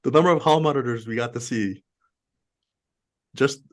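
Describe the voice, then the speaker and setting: A man's voice: mid-range voice, normal speed. A man from Afghanistan, a podcast guest in casual conversation, telling emphatic stories and often repeating words as he builds a point.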